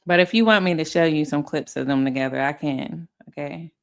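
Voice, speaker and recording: A woman's voice: deep voice, a little fast, vocal fry. A woman hosting casual commentary, blunt and profane, often laughing. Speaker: commentary host.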